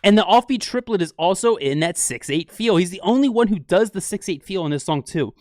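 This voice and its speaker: A man hosting a casual music breakdown, excitably scatting rhythms aloud as he explains them. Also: high voice, a little fast, no echo, studio quality. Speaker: music reaction host.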